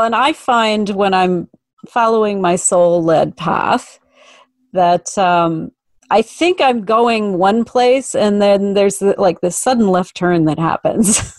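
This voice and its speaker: A woman's voice: medium pitch, darkish tone, no echo. A woman hosting an interview, affirming her guest and asking curious questions. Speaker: host, coach. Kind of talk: conversational interview.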